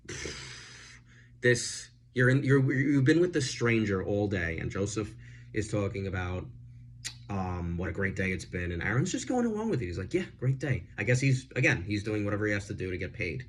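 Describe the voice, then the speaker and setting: A man chatting casually as he reviews a film, animated and full of fillers. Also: deep voice, slight background noise.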